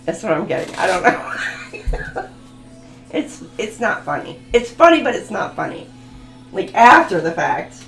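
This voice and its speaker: A woman's voice: mid-range voice, very animated, moderate pace, a bit bright. A woman giving a live tarot reading, laughing often and swearing bluntly. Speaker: tarot reader. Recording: echoey room with faint music.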